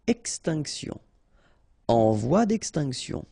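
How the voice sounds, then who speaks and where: A native French-speaking man from France, with a French accent, leads a pronunciation drill as a teacher, slowly and patiently repeating and spelling each word. His medium-pitched voice is creaky and dark with lively intonation, captured in a dry, clean studio recording.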